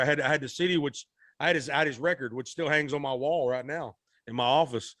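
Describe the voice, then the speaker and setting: Speaking fast at a medium pitch, this male singer is a podcast guest who tells a lively story and performs the quoted voices of its characters. The sound is studio quality, without echo.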